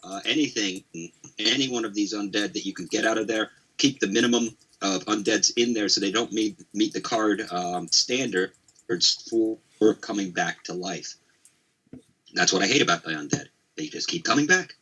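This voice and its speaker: A man's voice: fairly low pitch, moderate pace, bright, forceful tone, slightly rough, poor audio. A man casually commentating a card game tournament, chatty and rambling, with jokes along the way. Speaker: esports commentator.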